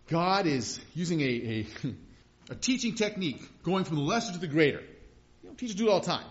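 Male pastor, slightly high voice, folksy preaching that swells to emphatic peaks, dull lo-fi recording. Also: very animated, fast. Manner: conversational preaching, rising to emphatic bursts, chuckles often. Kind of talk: sermon. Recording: dull lo-fi sound.

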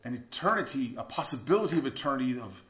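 A man preaching a sermon, earnest, moving between hushed passages and emphatic bursts and repeating words for emphasis. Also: medium pitch, expressive, quick pace. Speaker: pastor. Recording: echoey room, dull lo-fi sound.

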